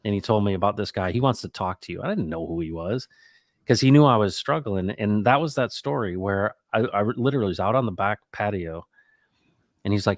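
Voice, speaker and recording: A middle-aged man hosting a casual talk, reflective and animated, acting out the people in his stories. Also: lowish voice, fast, dry recording, studio quality. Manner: animated, acts out quoted dialogue; reflective, faith-minded musing. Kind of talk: casual conversational storytelling.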